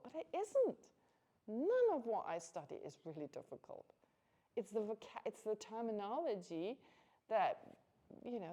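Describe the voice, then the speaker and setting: A woman's voice: fairly low pitch, mellow. A woman giving an informal Buddhist teaching to a class, chatty and conversational, laughing often and restarting her sentences.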